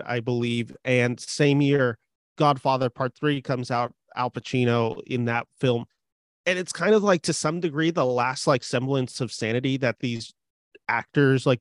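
A young man in casual film discussion, animated and rambling with many fillers. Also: medium pitch, normal speed, no room sound, clean studio sound. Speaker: film podcast co-host.

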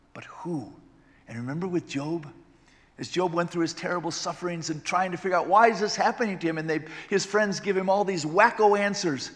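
Brief: male pastor mid-sermon, emphatic and dynamic, voice slightly high, long reverb of a big hall. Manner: emphatic, swings from loud exclamations to hushed storytelling.

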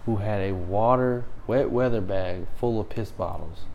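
A man's voice: on the low side, unhurried, a little mellow, dull audio, a little hiss or hum. A man telling army stories in casual chat, swearing freely and laughing as he talks. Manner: profane, laughs through his stories.

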